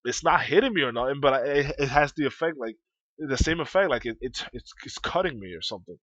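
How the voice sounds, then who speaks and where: A man's voice: fast talker, no echo, lo-fi sound. Rambling, profane young man telling a story. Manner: rambling, profane, repeats himself; bursts loud and high when excited. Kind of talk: casual spoken storytelling.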